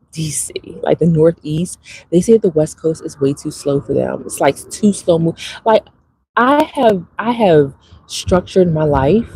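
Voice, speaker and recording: A woman's voice: on the low side, creaky, a little mellow, slightly rough, rough recording. A woman vlogging outdoors by a bay, chatting casually and laughing, calling her viewers girl and y'all. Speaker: spiritual content creator. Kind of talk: casual outdoor vlog chat. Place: outdoors by a bay near an airport.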